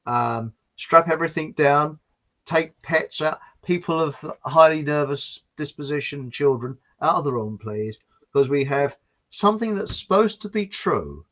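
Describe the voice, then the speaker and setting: A man's voice: on the high side, animated, measured pace, fairly bright tone. A man from southern England in rambling casual chat, telling long jokes and laughing at them. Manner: chatty, tells long jokes, laughs at own jokes. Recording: dull lo-fi sound.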